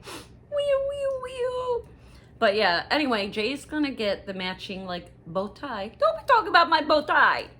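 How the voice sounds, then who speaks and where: A middle-aged woman chatting casually to viewers in a haul video, rambling and gossipy with lively asides. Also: mid-range voice. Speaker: haul vlogger.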